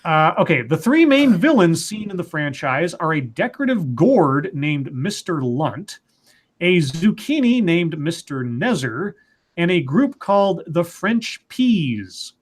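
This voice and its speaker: A male co-host with a slightly higher voice reads articles aloud. Between passages he adds dry, wry asides in a casual tone. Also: very animated, a little slow. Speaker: co-host reading news stories.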